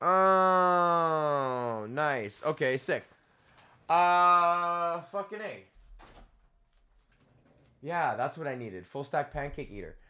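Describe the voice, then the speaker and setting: A man's voice: fairly high pitch, drawn-out words, pauses often, clean tone, no room sound. Man, 30s, podcast host, profane storytelling, dry close sound. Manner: profane, animated, quoting people in put-on voices. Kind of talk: casual storytelling rant. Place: home office.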